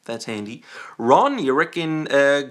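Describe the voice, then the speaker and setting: A man's voice: mid-range voice, very animated, measured pace, fairly bright tone. A young man hosting a live stream, rambling and joking in a casual chat full of restarts. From Australia.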